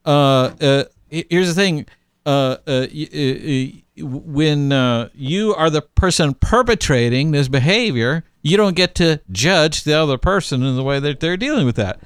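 Podcast co-host, man, emphatic and animated; smooth, resonant voice, dry close mic. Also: a little high, a little slow, no room sound. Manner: emphatic, lively, many restarts and fillers. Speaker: podcast co-host giving advice. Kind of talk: casual advice podcast chat.

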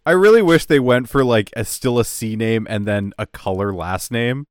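A man's voice: mid-range voice, moderate pace, clean tone, dry recording, clean studio sound. A man co-hosting a podcast in casual chat, joking dryly and playfully. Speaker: podcast co-host.

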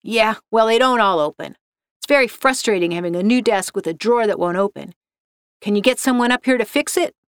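A woman's voice: mid-range voice, a little fast, clear, resonant tone, no echo, clean studio sound, close to an everyday voice. A woman reading the part of a bossy, impatient male office manager who gives curt demands. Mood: irritated.

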